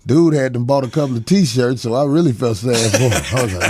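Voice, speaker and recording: A man's voice: mid-range voice, fairly quick, background noise. A middle-aged man hosting a talk show as a comedian, telling stories casually with a lot of profanity and frequent laughter. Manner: profane, laughing, chuckles mid-story; drops into character voices for quoted people. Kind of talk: casual storytelling chat.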